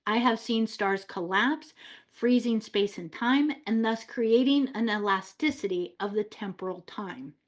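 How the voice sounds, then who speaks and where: A woman reading aloud as a mocking, otherworldly boy king, in a slow, measured voice. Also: mid-range voice, close to an everyday voice. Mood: grandiose. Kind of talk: dramatic story reading.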